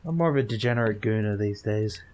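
A man's voice: fairly low pitch, quick pace, a little mellow, slight background noise. A man playing a tabletop game, making dry jokes in casual table talk. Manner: dry, joking. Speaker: player.

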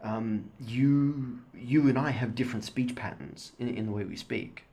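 A man's voice: medium pitch, measured pace, gravelly, mellow. An Australian man from Sydney chatting casually, thoughtful and hesitant with many fillers. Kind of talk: casual chat.

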